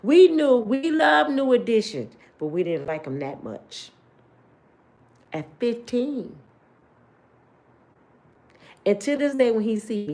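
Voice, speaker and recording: A middle-aged woman who tells a personal story casually, in a blunt, animated and slangy way, speaking straight to her viewers. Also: fairly high pitch, slow, long pauses. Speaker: host telling a personal story.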